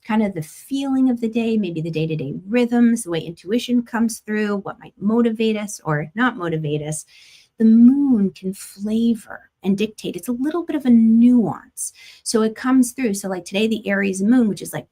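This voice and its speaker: A woman hosting an astrology forecast, talking in a chatty, gentle way with lots of "like" fillers and the odd light laugh. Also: a little high, animated, normal speed. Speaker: astrologer host. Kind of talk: casual spiritual forecast talk.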